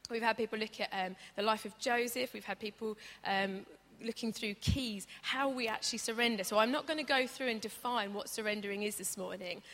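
Bright woman preaching in a reverberant hall. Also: on the high side, fairly quick, few pauses. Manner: chatty and humorous, acts out stories with voices. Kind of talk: conversational sermon. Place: church hall.

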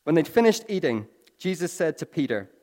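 A man preaching a sermon, telling stories with swings from hushed to excited. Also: fairly high pitch, fairly quick. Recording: long reverb of a large hall.

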